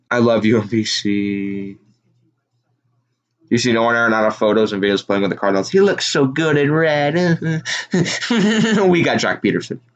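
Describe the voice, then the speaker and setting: A man hosting a casual live reaction stream, telling rambling, animated stories. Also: mid-range voice. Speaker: sports live-stream host.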